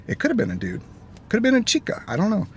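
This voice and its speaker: A man chatting casually from his car while driving, telling stories in an animated way and acting out both sides of each exchange. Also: sits high, very fast, slightly rough. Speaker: gaming vlogger. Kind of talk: casual chat. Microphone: phone camera. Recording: faint road noise inside a moving car. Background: faint car and road noise.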